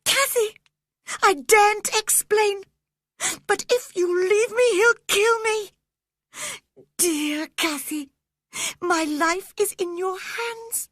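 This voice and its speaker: A woman voicing a sickly, terrified teenage boy who sobs and pleads in a high, shaky voice. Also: takes it slowly, long pauses, fairly bright tone, dry recording, studio quality, heavily acted. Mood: sobbing.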